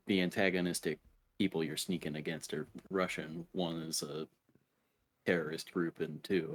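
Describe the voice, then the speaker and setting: A man's voice: low-pitched, a little mellow. A young man co-hosting a gaming podcast, laid-back and hesitant, often trailing off. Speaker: podcast co-host. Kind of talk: casual gaming podcast chat.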